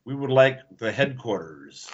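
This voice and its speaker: A man hosting a radio call-in show, throwing in quick quips and jokes. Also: mid-range voice, expressive. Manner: quick quips and joking asides. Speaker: radio host. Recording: dull lo-fi radio audio.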